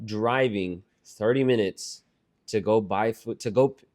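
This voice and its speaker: A man's voice: fairly low pitch, a little slow, a little mellow. A young man co-hosting a podcast, telling a rambling, profane family story in casual banter with his sister. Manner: profane, rambling storyteller who acts out quotes. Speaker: podcast co-host.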